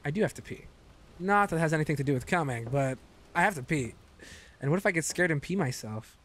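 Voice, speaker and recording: A man's voice: on the high side, fast. A man streaming a game live, chatting to viewers, swearing freely and yelping when startled. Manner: excitable, swears a lot, yelps when startled. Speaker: gaming streamer. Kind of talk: live gameplay commentary.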